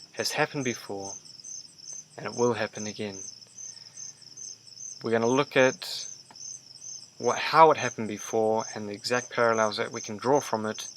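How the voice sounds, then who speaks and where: A man's voice: mid-range voice, sharp tone, slight background noise, poor audio. A man giving a commentary, explaining a church statement in plain, conversational words.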